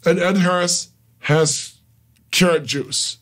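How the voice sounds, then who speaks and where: A man's voice: sits high, fairly even intonation, slow, fairly bright tone. A man co-hosting a radio talk show, teasing his co-host and telling set stories. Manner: storytelling, teasing. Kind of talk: casual radio chat.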